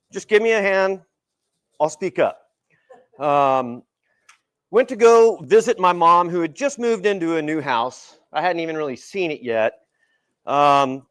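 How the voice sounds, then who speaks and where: A man giving a casual, animated storytelling keynote to a live audience at an event hall. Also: sits high. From El Paso, Texas. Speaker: keynote speaker. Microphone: handheld mic, partly without it.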